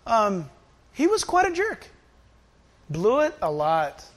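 A man voicing God as a fond, forgiving father figure, with a high voice. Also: wildly swooping pitch, slow, exaggerated voice.

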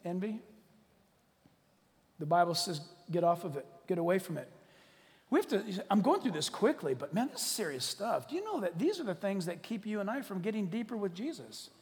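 High-pitched guy preaching in a church, jokey, loud then quiet, long reverb on it. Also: a little fast. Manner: animated and joking, swings from loud to hushed. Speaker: pastor. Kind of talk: sermon. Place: church hall.

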